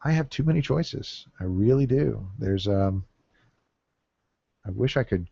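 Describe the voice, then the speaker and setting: A man talking through his card picks at an unhurried pace, musing aloud and counting cards under his breath. His voice sits mid-range, recorded close on a dry, dull lo-fi mic. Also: lowish voice, lively intonation, creaky, mellow, breathy edge, no echo. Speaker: gameplay commentator. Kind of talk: casual deck-building commentary.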